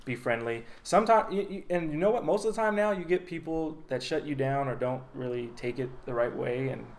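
A man co-hosting a podcast and chatting casually, easygoing and quick to laugh. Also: fairly high pitch, slight background noise. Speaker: podcast co-host and artist. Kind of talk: casual chat.

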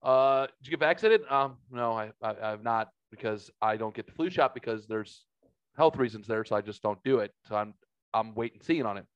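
A man's voice: mid-range voice, fairly quick, smooth, no echo, dull audio. A man telling a story in a casual podcast chat, profane and heated.

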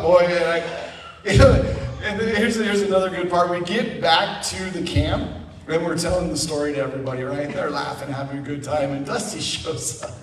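A man speaking as a guest in a church, telling a funny mission-trip story in an animated way and often laughing as he talks. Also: high voice, fairly quick. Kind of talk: storytelling testimony. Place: church sanctuary. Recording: echoey church hall from a distance.

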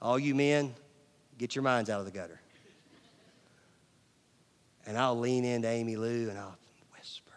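A middle-aged male pastor preaching a sermon, swinging from loud emphasis to near-whispers and asking the audience questions. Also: medium pitch, steady tone, unhurried, pauses often. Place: large church hall. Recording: long church hall reverb.

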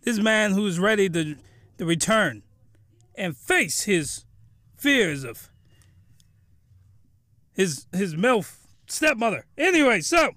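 A man hosting a podcast, giving a comedic recap of a cartoon episode in animated slang and breaking into excited shouts. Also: high voice, no room sound. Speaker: podcast host.

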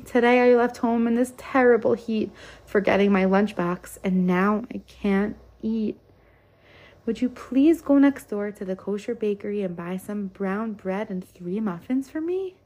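A woman's voice: a little high, moderate pace, a little mellow, close to an everyday voice. A woman voicing a friendly shopkeeper man. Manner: friendly, asking a favor. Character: kindly male hardware store owner.

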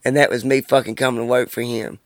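A man's voice: mid-range voice, flat delivery, fast talker, dry recording, clean studio sound. A man in his twenties talking alone on his podcast, blunt and heavy on profanity, ranting about his life. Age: 20s. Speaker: podcast host. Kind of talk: casual monologue.

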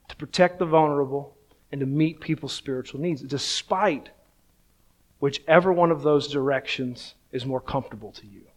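Conversational man preaching a sermon. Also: medium pitch. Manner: conversational, self-deprecating storytelling with repeated "right?". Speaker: pastor.

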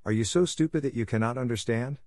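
A man's voice: mid-range voice, fast talker, darkish tone, dry recording, close to an everyday voice. A man voicing a stern, cold middle-aged headmistress who talks down to a child. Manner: harsh, scolding.

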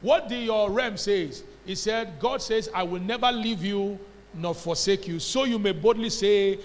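In a church hall with long reverb, a Nigerian-accented man preaches as pastor in an unhurried, high-pitched voice. He's emphatic and works in call-and-response, getting answers back from the congregation.

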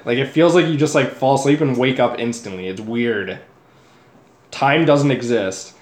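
A laid-back young man co-hosting a casual podcast, spinning a story with plenty of swearing. His voice sits at a middling pitch. The room has a noticeable echo. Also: expressive, normal speed. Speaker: podcast co-host. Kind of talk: casual chat. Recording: echoey room.

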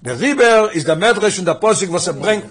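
A man giving a Torah class, rapidly explaining Midrash and mixing English with Hebrew and Yiddish terms, asking his listeners questions as he goes. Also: high voice, animated, fairly bright tone. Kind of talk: Talmudic lesson explaining Midrash.

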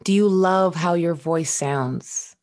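A woman's voice: lowish voice, takes it slowly, a little mellow. A woman guest on a podcast, speaking in an emphatic, coaching motivational style with repeated questions.

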